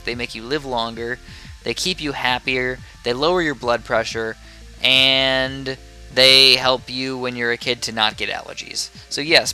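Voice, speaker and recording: A man's voice: medium pitch, bright, forceful tone. A sleepy young man giving casual, rambling commentary while playing a game, drifting off topic into chatty asides. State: sleepy, yawning. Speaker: gameplay commentator.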